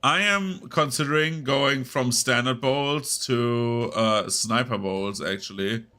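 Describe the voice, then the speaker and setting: A man streaming a game in casual, rambling chat, his voice nasal and rough from a cold. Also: medium pitch, takes it slowly, pushed and bright. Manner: rambling and chatty, talking over gameplay. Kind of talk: casual live-stream chat while gaming.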